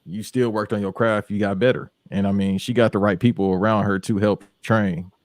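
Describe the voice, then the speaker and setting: A man's voice: fairly low pitch, steady tone, a little fast, a little mellow, no echo, studio quality. Laid-back man in casual podcast chat. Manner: loose, joking, trails off mid-thought. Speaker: podcast co-host.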